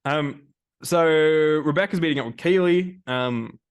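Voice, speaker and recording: A man's voice: on the high side, measured pace, clean tone. A man with an Australian accent chatting casually as a podcast co-host, rambling and slangy with some mild swearing. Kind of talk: casual recap chat.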